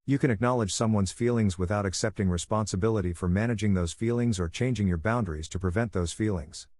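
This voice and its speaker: Male narrator, lowish voice, measured and instructive, close dry read for an explainer. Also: no echo. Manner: even, measured, instructive delivery.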